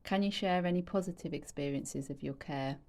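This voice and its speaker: A woman interviewer reading out prompts in a measured, formal way. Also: low-pitched, a little mellow.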